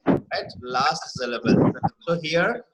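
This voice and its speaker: A man teaching a spelling lesson, explaining patiently, repeating words slowly and asking "right?" to check understanding. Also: fairly high pitch, sing-song, noisy background. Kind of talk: online classroom lesson.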